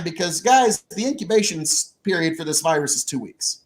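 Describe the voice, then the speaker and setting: Man, podcast co-host, casual chat, high voice, animated, jokey. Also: normal speed, few pauses. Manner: animated, jokey, talks in bursts.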